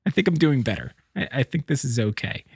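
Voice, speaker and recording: A man's voice: medium pitch, sing-song, fairly quick, gravelly, a little mellow, breathy edge, dry recording. A man telling a personal story in a rambling, casual way, often breaking off and laughing. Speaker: vlogger.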